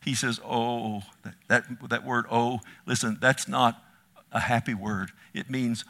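A man preaching a sermon with passion, swinging from loud, rising appeals to quiet, hushed asides and calling his listeners "loved one". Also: medium pitch, steady tone, measured pace. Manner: impassioned, rising to near shouts then dropping to hushed asides.

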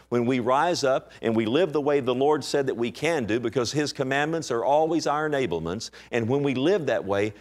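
Male pastor, mid-pitched voice, emphatic preaching, calls for amens. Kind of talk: sermon.

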